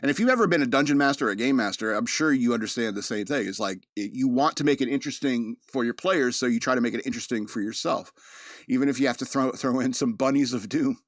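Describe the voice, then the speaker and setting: A podcast host rambles through a joking, casual monologue, laughing a lot, in a quick mid-range voice. He's an East Coast American with a mid-Atlantic accent, recorded dry with no room sound.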